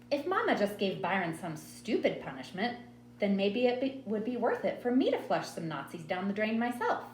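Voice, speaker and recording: Woman narrator, lively pitch, expressive storytelling read; roomy recording with a faint hum. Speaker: audiobook reader. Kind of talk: first-person novel narration.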